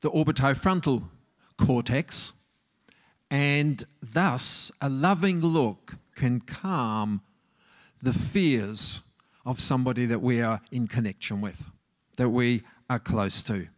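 A middle-aged man, a marriage counsellor, giving a relaxed talk and asking his audience questions. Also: mid-range voice, slow. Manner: conversational, asks the audience questions.

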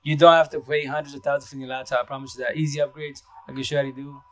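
A man hosting a casual live stream, talking fast and rambling, with restarts and repeated words. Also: mid-range voice, level tone, a bit bright. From Seattle area. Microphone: phone.

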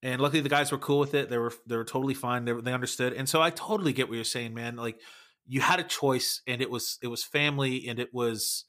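A man's voice: medium pitch, steady tone, quick pace, fairly bright tone. A man, a former band member, chatting casually on a podcast, swearing often and calling people man and dude. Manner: laid-back, swears often, says man and dude a lot.

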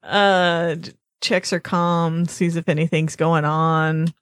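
Unhurried female player, hesitant, casual swearing, dry sound. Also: sits low, flat delivery, smooth, dry recording. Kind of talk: playing a tabletop game in character.

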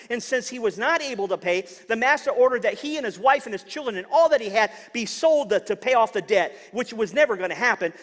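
Male pastor, higher voice, earnest sermon delivery with stumbles and repeats, long hall reverb. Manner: earnest, repeats words when searching for them.

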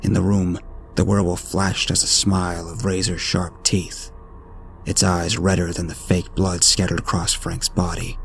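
A man narrating a horror story in a steady, ominous storytelling manner. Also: deep voice, normal speed, gravelly. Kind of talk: scripted narration. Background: faint music.

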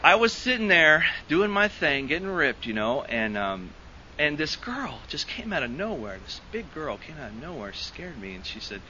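A man's voice: on the high side, big pitch swings, normal speed, pushed and bright, lo-fi sound, a little hiss or hum. A man speaking to a recovery group, telling a rambling personal story with lots of restarts and laughs. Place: meeting hall.

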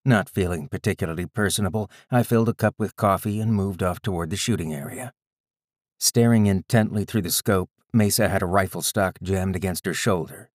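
Low-voiced man narrating an audiobook. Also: brisk, no echo, clean studio sound. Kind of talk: scripted first-person narration.

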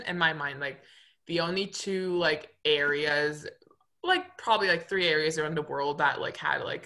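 A woman's voice: fairly low pitch, sharp tone. A young woman with a Turkish accent, chatting casually with friends as a podcast co-host, full of fillers. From Turkey. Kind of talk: casual chat among friends.

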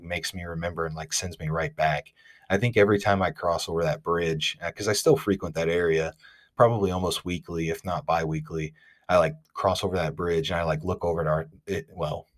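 A man with an Ohio accent hosting a podcast, telling a fishing story in a rambling, animated way with lots of "like". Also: low-pitched. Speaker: podcast host. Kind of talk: casual storytelling.

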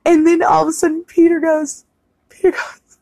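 Animated woman recapping a film. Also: very high voice, brisk, vocal fry, no echo. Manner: animated, swearing, acts out scenes. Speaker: podcast co-host. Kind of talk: casual chat recapping a film.

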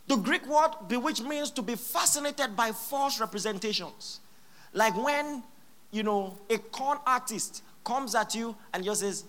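A pastor preaching a sermon in church, with a bright, ringing voice that swoops widely in pitch. The delivery is emphatic, driving points home by repeating phrases and breaking into sudden loud exclamations. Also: expressive, measured pace.

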